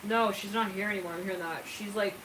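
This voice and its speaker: A woman's voice: medium pitch, steady tone, fast. Chatty, giggly woman tarot reader. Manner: chatty and giggly, with frequent asides. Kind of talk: casual channeled tarot reading. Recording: roomy, distant mic with background noise.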